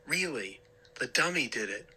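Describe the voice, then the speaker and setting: A man's voice: medium pitch, animated, moderate pace, sharp tone, slightly rough, voice pushed up, heavily acted. A man doing a panicked young boy. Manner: panicked, pleading. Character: frightened young boy, desperate and pleading.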